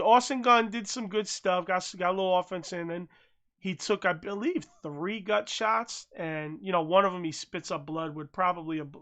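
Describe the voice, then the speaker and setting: An American podcast host giving casual, profane commentary that swings from mumbled asides to loud rants. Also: mid-range voice. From United States.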